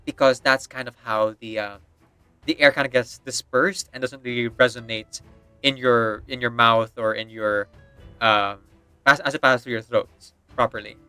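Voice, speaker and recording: A man's voice: medium pitch, steady tone, moderate pace, pushed and bright, clean tone, no echo. A man chatting casually while streaming a game, rambling with lots of fillers and frequent laughter, with faint game music behind. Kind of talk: casual chat while gaming.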